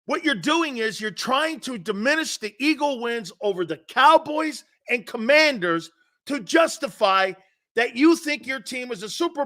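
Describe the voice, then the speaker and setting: A man's voice: extremely high pitch, bright, forceful tone. A man hosting a sports talk show, ranting in a sarcastic, mocking way. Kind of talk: opinionated sports talk rant.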